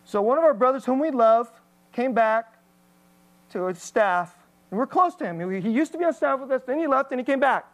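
A woman's voice: high-pitched, animated, a little fast, rough recording. A woman pastor giving an emotional, candid personal testimony in a sermon, with plenty of fillers and restarts.

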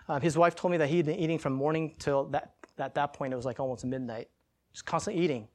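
A male pastor preaching in a church, telling a personal story in a casual, animated way and acting out the quotes. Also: a little high, fast talker.

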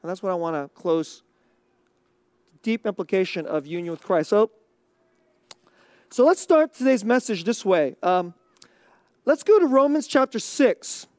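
Pastor giving a sermon; measured delivery that leans hard on key words; dry, close sound. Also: mid-range voice, a little mellow, dry recording. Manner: slow, deliberate emphasis on key words.

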